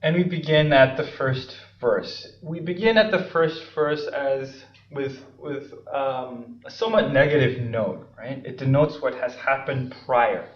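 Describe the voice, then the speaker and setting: A man's voice: medium pitch, a little hiss or hum. Man lecturing, far off in a roomy space. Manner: checks in with frequent "right?" and "okay?"; unhurried, with filler ums and uhs. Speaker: seminary lecturer. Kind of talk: Bible study lecture. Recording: roomy, distant, slightly dull lecture recording.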